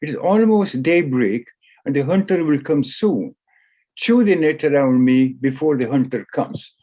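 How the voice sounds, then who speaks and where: A man's voice: medium pitch, expressive, measured pace, mellow. A man voicing a trapped male cat who pleads urgently with a mouse in a spoken story. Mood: impatient. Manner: urgent, coaxing.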